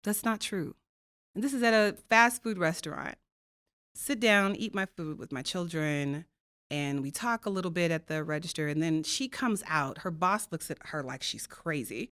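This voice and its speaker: In clean, echo-free studio sound, a low-pitched woman with a slightly bright, clean tone speaks at a moderate pace. She's a faculty guest and diversity co-chair on a podcast, sharing stories with earnest emphasis and rhetorical questions.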